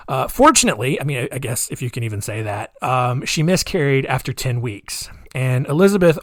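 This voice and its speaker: A man hosts a solo podcast, recounting a crime story in a relaxed way, loaded with fillers and casual side comments. His voice is fairly high-pitched, and the studio-quality audio has no echo.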